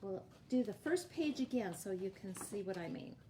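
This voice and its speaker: A woman leading a library storytime, reading a picture book aloud and teaching young children in a clear, animated way. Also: medium pitch, normal speed, a little hiss or hum. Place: library programme room.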